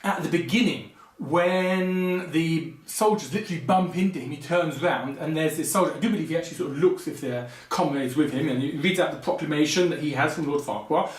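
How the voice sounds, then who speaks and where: A man hosting a film commentary video, talking casually and going off on digressive, animated rants with lots of asides. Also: on the high side, brisk, roomy sound.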